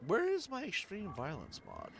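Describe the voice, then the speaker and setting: Male gaming streamer, sarcastic running commentary, very lively pitch, audible background noise. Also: normal speed, vocal fry. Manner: excitable, sarcastic, swears, laughs often. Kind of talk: casual gameplay commentary.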